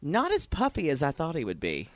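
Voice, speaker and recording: Male co-host, catty and jokey, slightly high voice that moves around a lot, dry close sound. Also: huge pitch swings, no echo. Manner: catty, joking, quick laughs. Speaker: podcast co-host. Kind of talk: casual chat.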